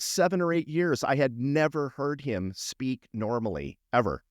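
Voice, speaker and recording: A man's voice: medium pitch, no room sound, studio quality. A man hosting a podcast, reacting eagerly and chatting about comedy club days. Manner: excitable, quick to react and laugh. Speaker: podcast host. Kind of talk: casual chat. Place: podcast studio.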